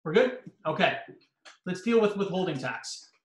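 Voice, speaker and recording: A man's voice: high voice, lively intonation, moderate pace. A man, a lawyer lecturing real estate agents, explaining things by posing questions and answering them himself. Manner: explanatory, asks and answers his own questions. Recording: echoey room.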